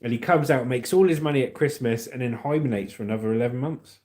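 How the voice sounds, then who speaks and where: A man hosts a relaxed livestream, reading out viewers' comments and laughing along. His voice sits at an ordinary middle pitch. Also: fast talker, a crowd in the background. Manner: reads chat aloud, laughs often. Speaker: livestream host. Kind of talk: casual livestream chat.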